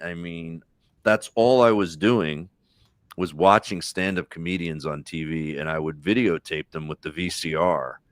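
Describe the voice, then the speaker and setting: A man's voice: low voice, smooth, no room sound, clean studio sound. A middle-aged man, a comedian guest, rambling through a joke on a live podcast with restarts. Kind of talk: casual chat on a live podcast.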